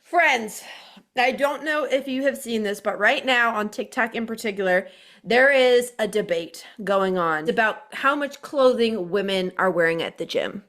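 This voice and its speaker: A woman's voice: a little high, fairly bright tone. A woman co-hosting a podcast, bantering in casual chat and laughing often. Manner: giggly, quick banter. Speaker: podcast co-host.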